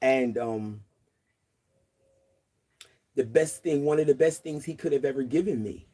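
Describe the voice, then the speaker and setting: Woman, 60s, livestream host; casual chatter outdoors, quick to laugh, greets viewers. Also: rumbling low, warm tone, breathy edge.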